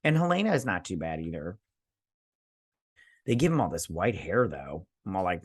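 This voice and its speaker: A man's voice: deep voice, big pitch swings, fairly quick, pauses often, breathy edge, no room sound, studio quality. A man hosting a review show, casually recapping an episode and acting out characters' lines with lots of fillers. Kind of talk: casual recap with quoted voices.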